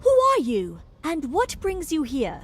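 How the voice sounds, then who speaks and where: A woman's voice: sits high, huge pitch swings, a little slow, heavily acted. An actress playing a fussy, etiquette-obsessed noblewoman in a video game, speaking in an affected, genteel manner. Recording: game audio with music behind.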